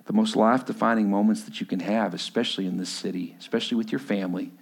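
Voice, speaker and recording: A man preaching a sermon as pastor of his church, emphatic, moving between hushed lines and raised ones. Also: on the low side, steady tone, fast talker, vocal fry.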